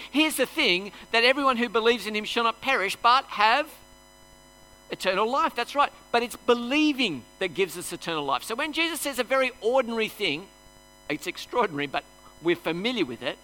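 A man preaching at an evening church service, animated and putting on the voices of the crowd. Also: sits high, rough recording. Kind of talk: sermon.

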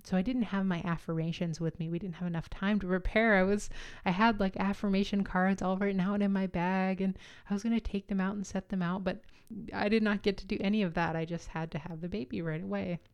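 A woman, likely in her thirties, casually telling her own story, candid and animated, acting out what people said. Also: lowish voice, clean tone, lo-fi sound. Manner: candid, animated, acts out quotes with laughs. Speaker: podcast host telling her birth story.

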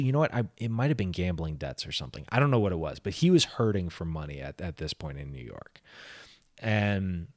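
A man's voice: low voice, dry recording, clean studio sound. A man co-hosting a podcast, telling a long story in casual movie chat, rambling with many restarts. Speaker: podcast co-host.

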